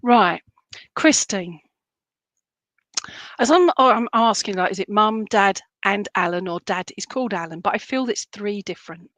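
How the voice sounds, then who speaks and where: A woman works as a medium, giving a reading in a loose, searching way with many ums and restarts. Her voice sits at a middling pitch. The recording is close and dry, with no room sound. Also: lively intonation, a bit bright, no echo. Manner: halting, searching, full of fillers and restarts; relays spirit messages in a chatty, jokey way. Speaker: spiritualist medium. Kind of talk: clairvoyant reading in an online church service.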